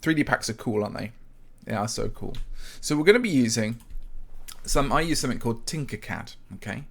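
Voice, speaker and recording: Building in Minecraft on a relaxed live stream, this host speaks fairly quickly in a mid-range voice that's lively, a bit bright, and creaky. He rambles and chats freely, welcoming viewers by name with plenty of ums along the way.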